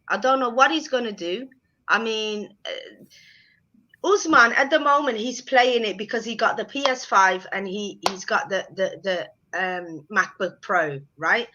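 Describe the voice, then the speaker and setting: Bright, emphatic woman on a lo-fi call. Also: fairly high pitch. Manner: emphatic, lively, quick to react. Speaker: co-host. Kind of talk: casual chat. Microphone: video call. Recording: dull lo-fi video call audio.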